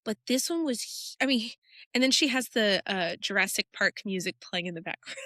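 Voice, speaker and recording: A woman co-hosting a podcast who rambles excitedly in a casual chat while retelling a video she watched. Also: medium pitch, fairly quick, dry recording, clean studio sound. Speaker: podcast co-host.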